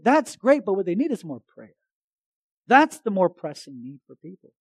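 A man preaching a sermon as pastor, talking to his congregation in a conversational, animated way with frequent restarts. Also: high voice, brisk, no echo.

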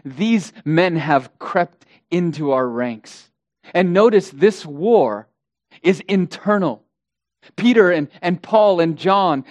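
A man's voice: high voice, dry recording. A male pastor preaching an impassioned sermon, hammering points through repetition and addressing the congregation as beloved.

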